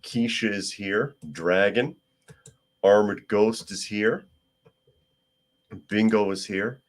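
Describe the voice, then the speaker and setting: Deep-voiced man hosting a chatty podcast. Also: fairly even intonation, takes it slowly. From United States. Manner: chatty, wry asides, talks to his cat. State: hoarse from a cold. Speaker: podcast host. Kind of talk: casual news talk podcast.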